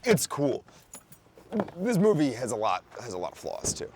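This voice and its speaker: A young man from the Philadelphia area hosts a comedy podcast, ranting loosely about a movie in a very animated, medium-pitched voice at normal speed. His rambling is full of fillers, restarts, and sudden loud outbursts, with a little hiss or hum in the recording.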